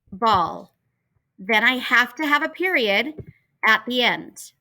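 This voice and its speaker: A woman teacher leads a children's writing lesson from home, speaking very slowly and spelling out each letter. Her voice is bright and a little high. It is picked up by a laptop microphone. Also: rough recording. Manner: patient, spells out letters and steps aloud. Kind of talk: slow, careful online writing lesson for children. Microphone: laptop computer mic.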